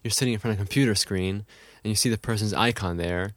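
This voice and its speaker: Fast-talking teasing man. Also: lowish voice, dry recording. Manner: animated, teasing, mimics others. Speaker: podcast co-host. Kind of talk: casual chat.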